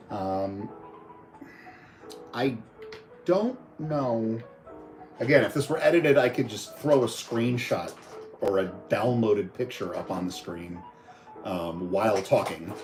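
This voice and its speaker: A man's voice: fairly low pitch, low-quality recording. A man casually reviewing toys on a live stream, rambling and chatty with lots of fillers. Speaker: toy reviewer.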